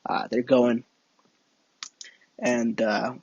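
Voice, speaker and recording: A young livestream gamer plays a flight game, telling a rambling made-up story and chatting casually with viewers, full of fillers and restarts. His medium-pitched voice is flat, extremely slow, a little mellow and breathy-edged, and the recording is dry and dull.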